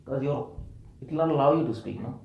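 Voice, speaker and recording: A man's voice: medium pitch, brisk, vocal fry, muffled recording, a little hiss or hum. A man, preaching a scripture lecture and questioning a live audience, playfully repeating words for emphasis. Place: temple hall. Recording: roomy hall echo.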